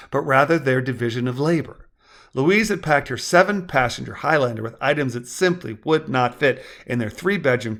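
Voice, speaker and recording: A man narrating his own story aloud with measured, wordy storytelling. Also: mid-range voice, a bit bright. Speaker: author and narrator.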